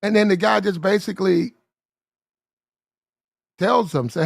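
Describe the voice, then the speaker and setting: Male storyteller with a high voice and a dry, close sound; casual and animated, acts out the people in his story. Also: unhurried, pauses often, dry recording. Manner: animated, acts out the characters in the story, clears throat often.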